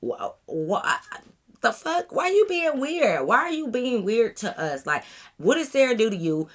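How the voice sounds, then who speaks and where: A young woman vlogger telling a story casually, in an animated way, acting out her friends. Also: on the high side, unhurried. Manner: animated, acts out friends' voices.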